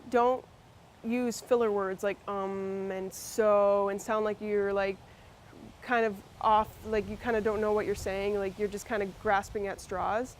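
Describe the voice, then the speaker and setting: A woman's voice: mid-range voice, little pitch movement, a little slow, slight background noise. A woman with a Massachusetts accent presenting a workshop, talking conversationally with fillers and restarts. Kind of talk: instructional workshop talk.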